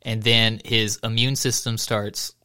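A man's voice: on the low side, level tone, measured pace, pushed and bright, clear, resonant tone. A man co-hosting a casual podcast, reading a news article aloud and chatting, laughing often as he goes.

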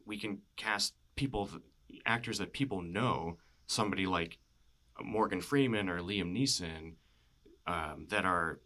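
A man with a low, sharp-toned voice chats casually about films. He rambles, drops "you know" again and again, and laughs often.

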